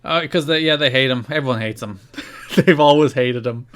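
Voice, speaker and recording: A man co-hosting a podcast in casual chat, animated and quick to laugh, his pitch jumping when he is exasperated. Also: smooth. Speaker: podcast co-host.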